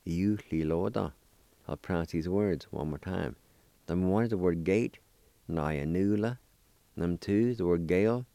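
A man hosting a radio language lesson, spelling and repeating words slowly and carefully. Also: sits low, mellow, dry recording. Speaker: language teacher and program host.

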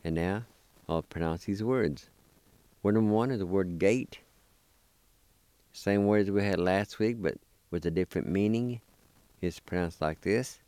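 A man hosting a radio language lesson, spelling and repeating words slowly and carefully. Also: low-pitched, mellow, smooth, no room sound. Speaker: language teacher and program host.

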